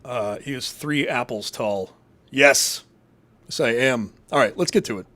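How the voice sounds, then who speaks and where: A man's voice: mid-range voice, a little slow, bright, forceful tone. A man from Massachusetts hosting a casual live show, reading chat and rambling in a crude, profane, jokey way.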